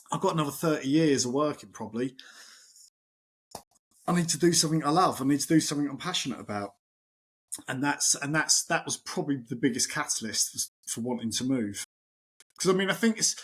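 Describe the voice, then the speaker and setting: A man in his forties, a chef, chatting as a podcast guest and telling lively anecdotes, acting out the voices of people in his stories. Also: medium pitch. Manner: animated anecdotal storytelling, acts out quoted voices. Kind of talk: casual interview chat.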